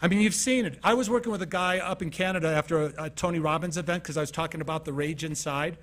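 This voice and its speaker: A keynote speaker from Utah gives a motivational talk, telling stories in a conversational way, acting out scenes, and posing questions to the audience. His voice is on the high side, a bit bright, and fast.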